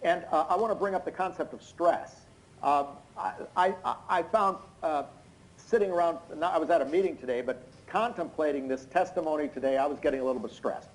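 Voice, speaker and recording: A hoarse, tired man giving expert courtroom testimony over a video call, explaining in an unnaturally loud voice with many hesitant fillers. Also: fairly high pitch, brisk, low-quality recording. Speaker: expert witness. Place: indoors in London at night.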